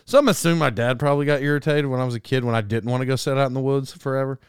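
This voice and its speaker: A man hosting a comedy podcast alone, rambling through an animated monologue, often stopping and restarting mid-sentence. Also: mid-range voice, very fast, clean tone, dry recording, studio quality. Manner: rambling, self-interrupting, animated. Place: alone in a room.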